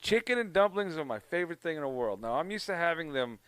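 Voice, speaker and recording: A man from Canada telling a story in casual chat on a podcast, profane and animated. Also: a little high, fast, clear, resonant tone, dry recording. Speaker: podcast co-host.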